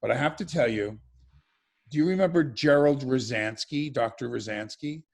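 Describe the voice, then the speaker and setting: Man, gravelly voice, chatty storyteller, video call. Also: mid-range voice. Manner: chatty storyteller, quick asides, many restarts. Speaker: interview guest, former reality show participant. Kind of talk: storytelling interview chat.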